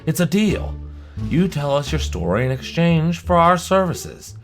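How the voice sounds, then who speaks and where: A man's voice: on the high side, sing-song, measured pace, faint music behind. A man voicing a playful, scheming male villain in a game roleplay, sly and teasing. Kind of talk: Minecraft roleplay voice acting.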